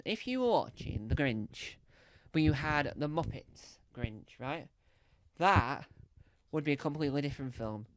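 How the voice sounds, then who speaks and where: A man's voice: a little high, fairly bright tone. A man doing a rambling, playful stand-up routine on a comedy club stage, with lots of fillers and restarts.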